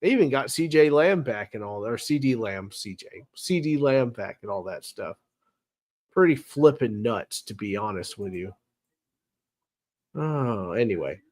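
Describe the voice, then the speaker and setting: A man's voice: mid-range voice, lively intonation, measured pace, a little mellow. A man hosting a casual live-stream football recap, chatty and wry, teasing his chat with sarcasm. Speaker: sports show host.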